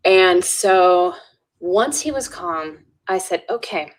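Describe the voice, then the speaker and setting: Woman on a podcast telling a story, lowish voice, earnest, keeps saying right?. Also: lively intonation, slow. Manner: earnest, with frequent restarts and "right?" tags. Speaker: podcast guest, educator. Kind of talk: storytelling in a conversational interview.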